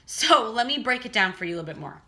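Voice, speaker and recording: A woman's voice: a little high, animated, fast, sharp tone. A woman teaching a casual singing lesson, chatting and breaking off to demonstrate vocal sounds.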